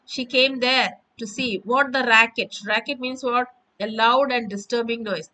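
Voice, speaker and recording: A woman's voice: fairly high pitch, bright, forceful tone, low-quality recording. A woman explaining a school reading lesson, breaking each line into simple meanings and repeating them. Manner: explains word by word, repeating with "that means". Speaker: English teacher.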